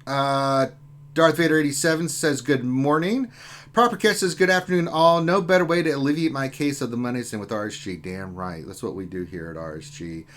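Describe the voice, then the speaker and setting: A man's voice: mid-range voice, fairly quick, a bit bright. Joking man hosting a live gaming stream. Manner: joking, banter-filled. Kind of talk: casual chat, reading out viewer comments.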